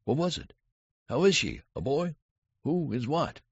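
A man voicing a flustered, anxious Southern gentleman awaiting news of his newborn, asking breathless high-pitched questions. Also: huge pitch swings, normal speed, dry recording, lo-fi sound. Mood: frantic.

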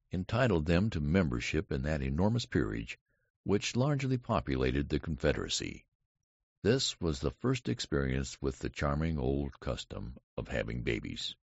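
A man narrating a classic story as an audiobook in an expressive, wide-ranging way. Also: rumbling low, vocal fry, breathy edge, no echo. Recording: dull lo-fi dry recording.

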